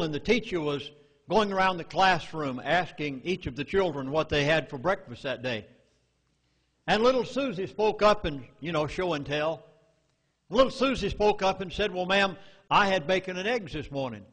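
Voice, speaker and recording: A man with a Southern US drawl speaks to a meeting crowd, with emphatic and urgent warnings. His voice sits a bit high, and a long hall reverb trails each phrase. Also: animated, normal speed. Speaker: public speaker. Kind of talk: public lecture to a live audience.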